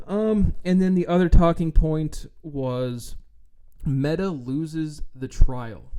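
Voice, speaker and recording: A man ranting into his own microphone on a vlog, with a mellow, darker tone at a middling pitch. He is blunt, profane and sarcastic, and he slips into mocking put-on voices to ridicule others. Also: clear, resonant tone. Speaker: trading vlogger. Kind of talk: ranting casual monologue. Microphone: own microphone, adjusted while talking.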